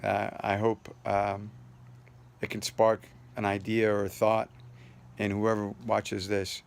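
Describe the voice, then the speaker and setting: Gravelly man telling a rambling story. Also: on the low side, completely flat delivery, slow pace. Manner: loose and rambling, with many fillers and restarts; earnest, upbeat sign-off. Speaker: vlogger sharing a personal story. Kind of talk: casual personal storytelling.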